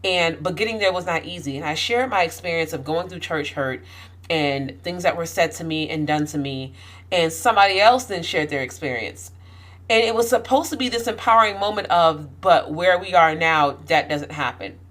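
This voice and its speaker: A woman's voice: low voice, moderate pace, a bit bright. Passionate, outspoken woman talking to camera. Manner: passionate, rising to heated emphasis; outspoken, frequent fillers and restarts. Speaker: vlogger. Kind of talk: candid personal talk to camera.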